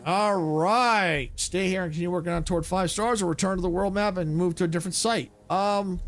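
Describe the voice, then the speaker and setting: A man streaming a video game live, thinking aloud in a casual, excitable way. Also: high voice, fairly quick, hardly any pauses. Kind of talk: live gameplay commentary.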